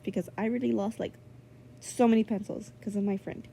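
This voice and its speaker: A woman's voice: mid-range voice, a little fast, gravelly. A teenage girl telling a school story in a chatty vlog, full of "like" and "um" fillers and indignant asides. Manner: indignant, animated retelling. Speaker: vlogger. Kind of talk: casual storytelling.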